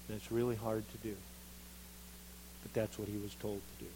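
A man preaching a sermon, reading scripture and acting out the quoted speakers with lively expression. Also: lowish voice, a little fast, long pauses, background noise. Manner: animated, acts out quoted voices of Jeremiah and God.

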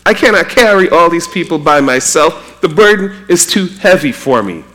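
A man from Trinidad preaching a sermon, animated and acting out quotes with a raised voice. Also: on the high side, normal speed.

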